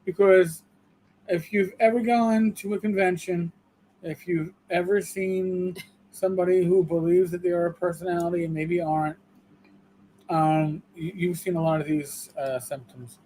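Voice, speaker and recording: A man's voice: high voice, fairly even intonation, moderate pace, mellow, slight background noise, low-quality recording. A man with a New York accent co-hosting a livestream, talking emphatically and restarting his words. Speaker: co-host. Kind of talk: casual livestream discussion.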